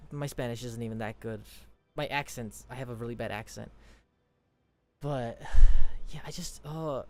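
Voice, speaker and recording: Brief: chatty let's-play host, mid-pitched, drifting off-topic, faint game music underneath. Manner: rambling, chatty, laughs often. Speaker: gaming YouTuber. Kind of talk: casual commentary over gameplay.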